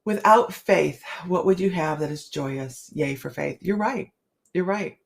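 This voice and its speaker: A woman's voice: lowish voice, unhurried, vocal fry. A middle-aged woman hosting a casual live chat, reading cards and talking to viewers by name, laughing often. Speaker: livestream host reading tarot cards.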